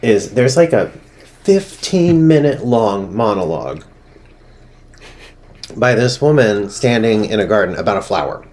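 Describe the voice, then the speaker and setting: Giggly slow-talking male podcast host. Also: fairly low pitch, expressive, a little mellow. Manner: giggly, blunt opinions. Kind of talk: casual podcast chat.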